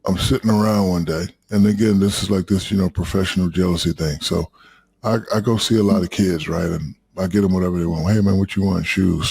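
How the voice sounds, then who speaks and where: Gravelly, very deep-voiced middle-aged man. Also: darkish tone, no echo. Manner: loose, profane, anecdotal. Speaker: podcast guest. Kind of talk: casual storytelling chat.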